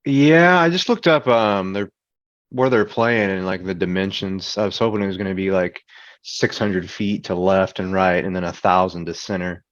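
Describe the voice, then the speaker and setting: A man's voice: low voice, steady tone, normal speed, no room sound, dull audio. A man co-hosting a casual sports chat. He boasts and trash-talks in a playful way. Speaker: podcast co-host.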